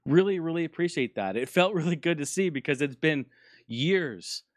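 Animated, profane man hosting a podcast. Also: a little high, moderate pace, no echo, studio quality. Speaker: podcast host. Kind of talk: casual solo podcast chat.

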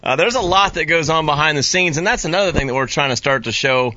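Bright-voiced man telling fishing stories. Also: fairly high pitch, quick pace, dry recording, lo-fi sound. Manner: rambling, laid-back storytelling with many fillers. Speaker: guest, fishing video creator. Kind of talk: casual interview chat.

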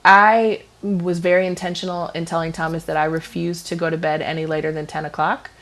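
A woman co-hosting a radio talk show, chatting casually with many fillers and quick asides. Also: fairly low pitch, level tone. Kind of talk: casual chat.

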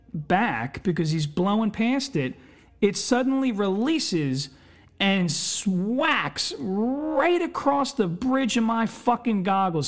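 A podcast host telling a long personal story casually, swearing constantly and rambling with fillers. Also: medium pitch.

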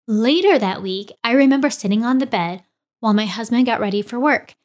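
A woman's voice: fairly high pitch, brisk. A woman in her forties, a podcast host, telling a personal story and acting out the dialogue with energy. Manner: animated, acts out quoted dialogue.

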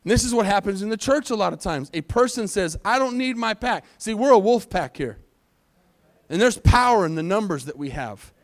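A male pastor preaching a sermon to his congregation, energetic, asking the crowd questions and slowing down to read scripture. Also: high-pitched. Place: church sanctuary.

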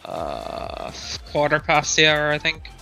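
A man's voice: a little high, sing-song, slow, sharp tone, soft background music, rough recording. A man co-hosting a livestream, dropping brief, offhand remarks in casual chat. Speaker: co-host.

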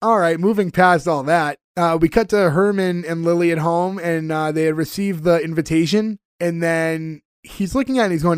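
A man's voice: a little high, normal speed, few pauses, clear, resonant tone, no echo, clean studio sound. Chatty man recapping an episode. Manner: rambling, with frequent fillers and restarts. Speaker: podcast host. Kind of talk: casual chat recapping a TV episode.

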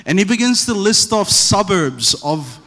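A man preaching a sermon as pastor, animated and storytelling, with humorous asides. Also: high voice, measured pace, a little hiss or hum. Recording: long hall reverb.

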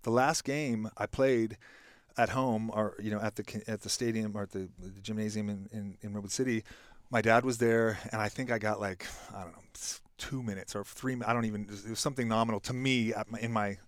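A man's voice: on the low side, fairly even intonation, fairly quick, no room sound. A middle-aged man talking as a podcast guest, telling a reflective story with lots of restarts and fillers. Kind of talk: casual podcast conversation.

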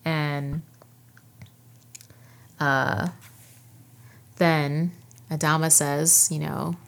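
A woman's voice: low voice, normal speed, gravelly. A woman co-hosting a casual TV recap chat, laughing often and acting out characters' lines. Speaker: podcast co-host.

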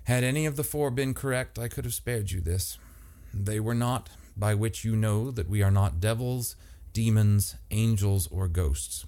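A man voicing a calm, coolly formal, uncanny male stranger in an audiobook, soft-spoken and precise. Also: lowish voice, unhurried, voice pushed up.

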